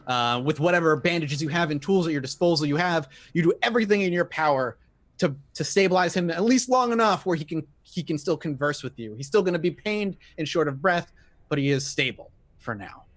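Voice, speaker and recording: A man's voice: a little high, animated, fairly quick. A man narrating a tabletop horror game as game master, describing scenes in detail with frequent fillers.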